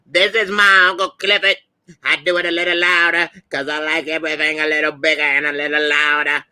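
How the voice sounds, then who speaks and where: A man doing a loud sassy club owner. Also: on the high side, little pitch movement, brisk, smooth. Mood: teasing. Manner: loud, sassy, big delivery. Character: flamboyant loud strip club owner, adult.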